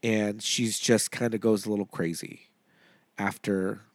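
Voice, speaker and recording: A man's voice: lowish voice, level tone, measured pace, no echo. Podcast co-host, male, loose chatty delivery full of fillers, dry studio sound. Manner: rambling, many fillers, laughs often. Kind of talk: casual movie podcast chat.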